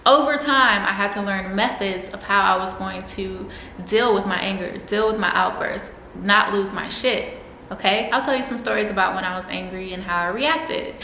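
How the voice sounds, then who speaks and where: A bright, expressive young woman with a twang speaks candidly straight to the camera. She is blunt, swears freely and acts out her own angry moments with animated energy. Her voice rings a little in an echoey room. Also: medium pitch, moderate pace, slight background noise. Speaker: vlogger. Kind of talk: candid self-help talk to camera.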